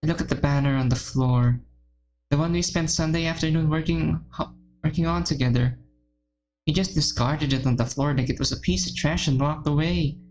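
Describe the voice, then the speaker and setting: Brief: a woman as a despairing timid teen schoolgirl, deep and shaky, faint hiss. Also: moderate pace, close to an everyday voice, rough recording. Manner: quiet, shaky, self-pitying first-person narration. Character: shy, self-loathing teenage girl, tearful. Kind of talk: first-person visual novel reading.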